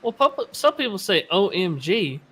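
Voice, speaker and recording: A man's voice: sits high, sing-song, normal speed, sharp tone, slightly rough. A man commentating a sim race, chatting earnestly with co-hosts and reading viewer comments. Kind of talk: casual booth banter and race calls.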